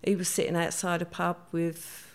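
Older woman, low gravelly voice, chatty, does the voices of people in her stories. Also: monotone, moderate pace. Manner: chatty, acts out quoted voices. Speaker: guest. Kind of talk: storytelling interview.

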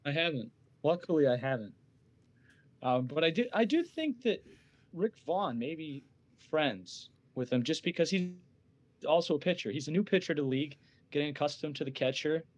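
A young adult man, a guest on a casual movie podcast, talking in a measured, agreeable way. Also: a little high, expressive, dull audio.

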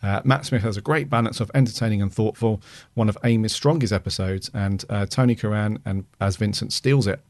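A low-voiced man co-hosts a fan podcast, reading out listener reviews in an easygoing manner with plenty of ums and uhs. The recording is dry and close. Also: fairly quick, few pauses, no echo. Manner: relaxed, reads aloud with fillers. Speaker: podcast co-host.

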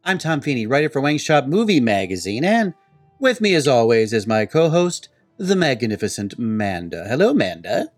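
A man's voice: mid-range voice, sing-song, normal speed, no echo, faint music behind. A man hosting a podcast in casual chat, rambling with hesitant fillers. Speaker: podcast host.

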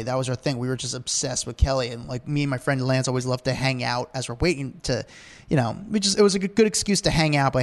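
A man on a podcast telling stories in a casual, rambling way, with many fillers along the way. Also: mid-range voice. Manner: rapid, rambling, full of "like" fillers. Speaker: podcast guest. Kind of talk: animated storytelling in casual chat.

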